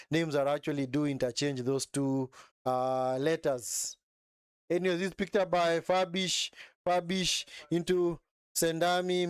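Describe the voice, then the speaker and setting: A man hosts a live football watch-along, mixing play-by-play with easygoing chat aimed at his viewers. His voice sits a little high and comes through smooth and resonant. The sound is dry and close, with no room echo. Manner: chatty, often ends phrases with "man", answers viewers in chat. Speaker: live stream host.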